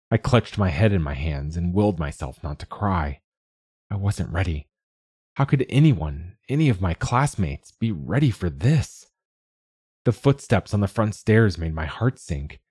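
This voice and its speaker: A man reading a first-person novel aloud in a steady, measured way. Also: low-pitched, breathy edge, no room sound, studio quality. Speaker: audiobook narrator. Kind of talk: scripted first-person narration.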